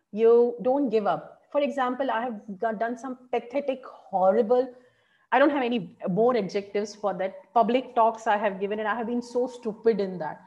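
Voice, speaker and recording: A woman teaching public speaking in an online workshop, animated and encouraging, asking her audience questions. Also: a little high, highs cut off.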